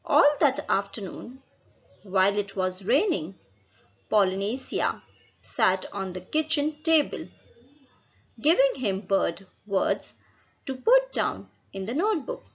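A woman reads a children's story aloud for learners at a slow, deliberate pace. Her voice is slightly husky and rises and falls a lot. The recording sounds a little dull and lo-fi. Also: mid-range voice. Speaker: reader.

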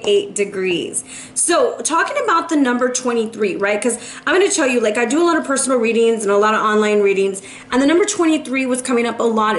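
A woman giving a casual tarot reading in a chatty, emphatic way, often asking "right?". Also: a little high. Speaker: tarot reader. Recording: roomy echo with faint noise.

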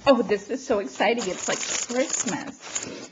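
A woman crafting vlogger, not feeling well, gushing and gasping with excitement as she opens a gift package at home and chats to the camera. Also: a little high, measured pace, background noise. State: feeling unwell. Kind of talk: excited unboxing chat to camera.

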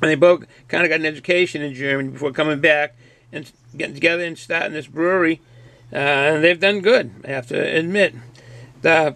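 A man's voice: fairly high pitch, vocal fry, a bit bright, dry recording. A middle-aged man with a Boston accent chatting casually through a beer review, rambling and folksy and often repeating himself.

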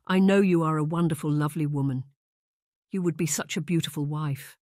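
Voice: mid-range voice, a little fast, a little mellow, dry recording, studio quality, natural voice. A narrator voicing Miss Lily, an anxious but well-meaning female friend, in an earnest, coaxing audiobook reading.

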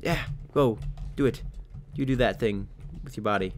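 A young man giving excitable live commentary over his own gameplay, cheering and yelping at what happens on screen. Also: on the low side, moderate pace, long pauses. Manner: excitable, yelps and laughs at game events. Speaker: gaming channel host.

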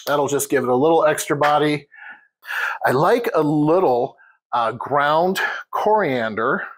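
A man's voice: on the high side, measured pace, poor audio. A man hosting a home cooking demonstration in a kitchen, chatting casually and addressing viewers as guys.

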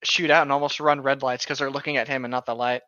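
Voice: medium pitch, level tone, fast, sharp tone, no room sound, muffled recording. A podcast co-host chatting casually, laughing often and saying "like" a lot.

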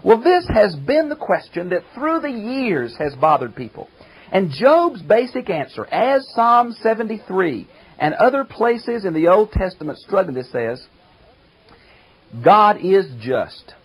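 An older pastor gives an emphatic Bible commentary lecture, slowing down to stress the verses he quotes. His voice is high, husky, and very animated, and the recording quality is low.

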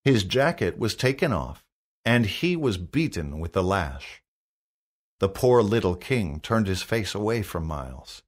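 A man narrates a storybook in a clear, measured way. His pitch moves up and down a lot. The delivery stays calm and even-paced. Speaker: audiobook reader. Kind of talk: scripted narration.

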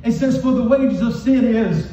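High-voiced preacher in an echoey church. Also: male voice, moderate pace, warm tone. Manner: impassioned preaching with call-and-response. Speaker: pastor. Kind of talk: sermon. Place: church hall with congregation. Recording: echoey, distant, muffled hall recording.

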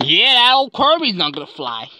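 A woman playing out a toy scene aloud and acting out toy characters, jumping suddenly into squeaky voices. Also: sing-song, moderate pace, bright, forceful tone, slight background noise.

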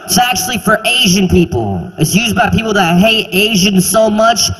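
A young man doing a stand-up comedy set on a theater stage, animated and acting out exaggerated voices. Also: high voice, moderate pace, breathy edge, in a large hall, rough recording.

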